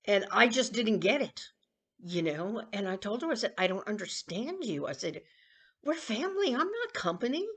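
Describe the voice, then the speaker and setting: A woman in her sixties rambling and confiding in a casual personal vlog, with coughs and throat-clearing. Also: medium pitch, expressive, normal speed, fairly bright tone. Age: 60s. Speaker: vlogger.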